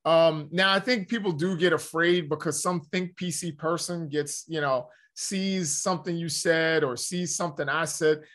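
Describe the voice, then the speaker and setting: A man in relaxed conversation with a somewhat high-pitched voice. He rambles, circles back and fills his pauses with "you know" as he works through his point. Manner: rambling, self-correcting, frequent "you know". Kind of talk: casual conversation.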